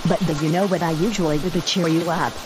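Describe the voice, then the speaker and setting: A woman voicing a patient, gentle mother in a homemade cartoon. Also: sits low, fairly even intonation, fast talker, close to an everyday voice. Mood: soothing. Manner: gentle, soothing. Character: patient, reassuring mother of a schoolgirl. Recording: rain noise in the background. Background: rain.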